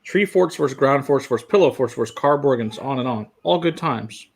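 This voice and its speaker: A man's voice: mid-range voice, expressive, fairly quick, vocal fry. Rambling man hosting a tasting stream. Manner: rambling, reads viewer chat aloud. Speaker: host. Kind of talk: casual whiskey tasting chat on a live stream.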